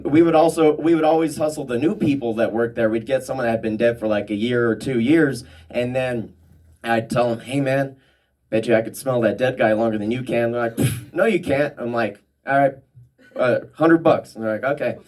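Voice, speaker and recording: A man from New Mexico doing a stand-up comedy set, rambling and halting with many ums. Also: medium pitch, steady tone, a little mellow, recorded from a distance.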